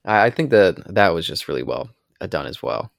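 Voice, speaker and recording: A man's voice: low voice, very animated, brisk, gravelly, dry recording, clean studio sound. A man co-hosting a podcast, casually recapping scenes of a cartoon in long descriptive runs. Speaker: podcast co-host.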